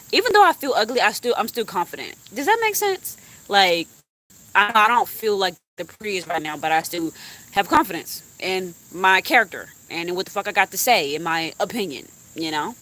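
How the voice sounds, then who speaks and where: A woman's voice: fairly low pitch, moderate pace, bright, forceful tone. A young woman YouTuber venting bluntly to her live stream chat, cussing freely.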